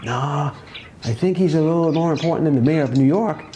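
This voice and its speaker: A man doing a baffled beat cop, pitched up. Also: a little fast, warm tone, a little hiss or hum, lightly acted. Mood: uneasy. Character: puzzled street cop, male, cautious.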